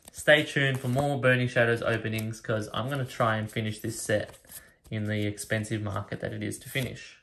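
A man casually opens card packs, reading each card's name aloud one by one and getting excited over the rare pulls. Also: medium pitch, background noise. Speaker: card collector opening packs. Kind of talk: casual pack-opening commentary. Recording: card and wrapper rustling behind voice.

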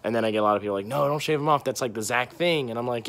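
A man's voice: mid-range voice, very fast, few pauses, a bit bright. Rambling young man vlogging after a run. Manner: rambling, indecisive, chatty. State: sweaty and winded after a run. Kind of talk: casual vlog chat. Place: outdoors, walking home.

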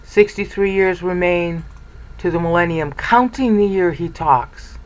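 A Bible study presenter giving an informal screen-share lecture, excitable and thinking aloud, with uneven loudness that sometimes trails off. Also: medium pitch, unhurried, muffled recording.

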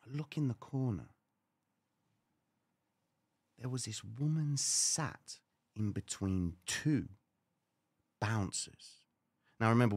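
Animated man telling a story. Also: on the low side, dry recording. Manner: animated, swearing, acts out his own quotes. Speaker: trading show host. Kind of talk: casual storytelling on a live stream.

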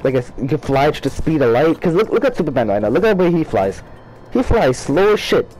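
A man's voice: fairly high pitch, big pitch swings, fast, a little mellow, slight background noise, rough recording. Profane rambling young gamer man. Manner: rambling, profane, frustrated outbursts. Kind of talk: casual gameplay commentary.

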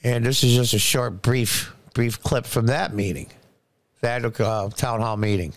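A man's voice: medium pitch, unhurried, dry recording. A man delivers opinionated political commentary with open scorn and sarcasm. He hammers his points by repeating words. His voice sits in a middle register and is recorded close and dry, with no room sound.

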